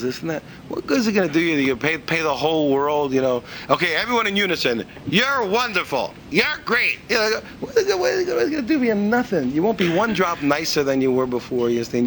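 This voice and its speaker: A man giving a spoken religious lesson as an animated storyteller, repeating himself and asking rhetorical questions. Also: medium pitch, a little hiss or hum. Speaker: religious teacher.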